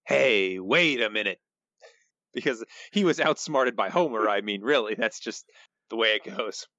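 A man's voice: lowish voice, animated, moderate pace, pushed and bright, dry recording, highs cut off. A man co-hosting a podcast in casual chat, dry and understated, reading listener quotes. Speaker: podcast co-host.

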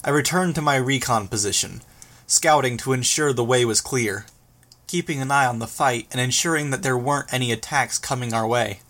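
A man's voice: mid-range voice, brisk, fairly bright tone. Man narrating an audiobook steadily. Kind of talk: scripted narration.

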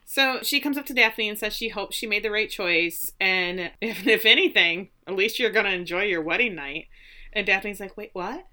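A woman with a bright, forward voice co-hosting a casual recap chat. She tells the story in a lively way and puts on playful voices for the characters' lines. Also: medium pitch, normal speed. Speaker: podcast co-host.

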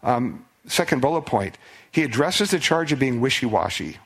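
A man, a pastor, preaching a conversational expository sermon, animated and asking his listeners questions as he reads and explains the text. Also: medium pitch, normal speed, husky.

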